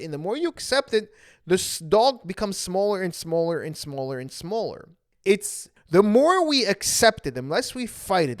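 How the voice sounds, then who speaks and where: A man's voice: high-pitched, no room sound, studio quality. A young man, an anxiety coach, earnestly telling his own story to viewers and repeating phrases for emphasis.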